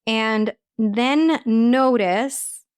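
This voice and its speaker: A woman's voice: a little high, extremely slow, smooth, dry recording. A woman, a holistic nutritionist and life coach, giving earnest, practical advice as an interview guest, with a sprinkling of "like" and "you know".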